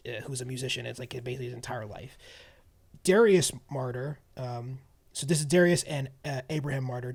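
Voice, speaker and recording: A man co-hosting a movie podcast in casual chat, rambling and restarting his sentences, laughing easily. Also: mid-range voice. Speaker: podcast co-host.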